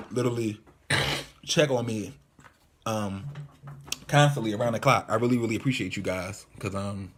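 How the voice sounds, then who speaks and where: A man, a mime minister, venting candidly and from the heart in a personal video monologue from his apartment, often repeating his phrases. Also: lowish voice. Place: apartment room with white walls.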